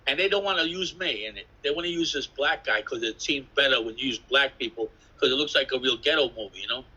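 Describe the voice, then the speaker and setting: A man telling rambling, animated stories in a casual interview, acting out voices and swearing. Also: mid-range voice, fast talker, husky, poor audio. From New York City. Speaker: interviewee, graffiti artist.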